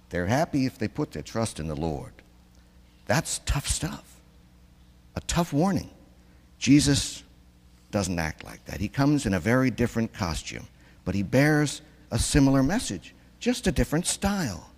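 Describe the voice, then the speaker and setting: A man preaching a sermon to his congregation, chatty and questioning, with a very lively, wide-ranging pitch. His voice carries a long reverb through the church. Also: normal speed, pauses often. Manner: conversational, asks the congregation questions.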